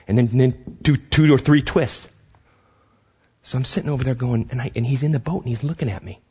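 A man preaching a sermon as pastor, animated, acting out voices and often restarting his sentences. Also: mid-range voice, brisk, slightly rough, lo-fi sound.

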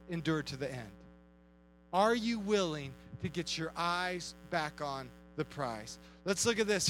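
A man preaching an energetic youth sermon, acting out quotes and shouting at times. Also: sits high, low-quality recording. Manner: animated, acts out quotes, shouts and laughs. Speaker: youth pastor.

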